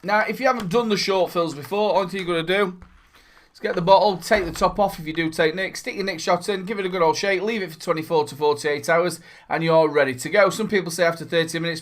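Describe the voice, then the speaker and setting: A cheerful man hosts a casual product review vlog, talking straight to his viewers. His voice sits slightly above the usual male pitch. He chats in a rambling, upbeat way and throws in playful asides as he goes. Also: fairly quick, a bit bright. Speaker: vape reviewer and channel host.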